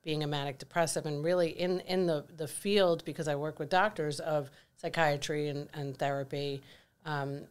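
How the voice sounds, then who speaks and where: A woman's voice: deep voice, steady tone, moderate pace, clean tone. A middle-aged woman co-hosting a podcast, talking candidly and reflectively in casual chat. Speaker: podcast co-host.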